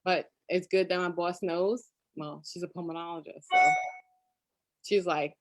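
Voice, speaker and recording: A woman's voice: on the low side, fairly even intonation, a little slow, dry recording. A woman guest chatting casually in an interview, telling stories and laughing often. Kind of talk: casual chat. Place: lives in Florida.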